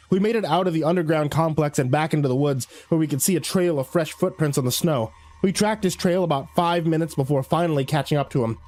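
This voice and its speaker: A man narrating a first-person horror story in a measured, grim way. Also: a little high, darkish tone.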